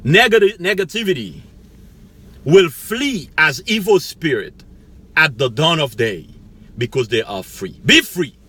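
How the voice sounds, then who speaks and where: A man's voice: a little high, expressive, unhurried, pauses often, a bit bright, husky. A middle-aged man giving a rambling motivational monologue as a life coach, preachy, laughing to himself now and then. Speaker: life coach, channel host.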